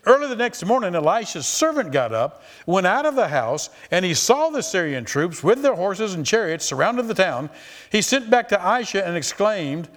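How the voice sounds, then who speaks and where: A man's voice: high voice, moderate pace. A man preaching a sermon, reading scripture and acting out the quoted voices with lots of repetition. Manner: animated, repeats phrases, acts out quoted voices.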